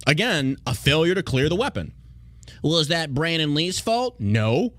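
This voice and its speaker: A man's voice: fairly high pitch, sing-song, moderate pace, fairly bright tone, no echo. A man hosting a podcast, talking bluntly and profanely in a mocking, opinionated rant. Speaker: podcast host.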